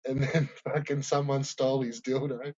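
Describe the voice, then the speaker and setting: A man's voice: mid-range voice, little pitch movement, normal speed, darkish tone, dry recording, dull audio. A man rambling through a profane, casual commentary, laughing often.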